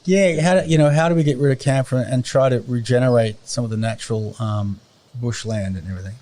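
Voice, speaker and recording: A middle-aged Australian man chatting as a podcast guest, rambling and often pausing to search for words. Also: mid-range voice, dark tone. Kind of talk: casual conversation.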